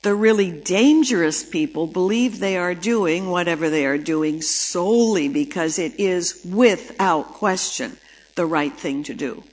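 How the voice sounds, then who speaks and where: An older woman giving a talk about the brain, telling an anecdote in a lively storytelling way and acting out the dialogue. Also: on the low side, a little slow, poor audio. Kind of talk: storytelling lecture.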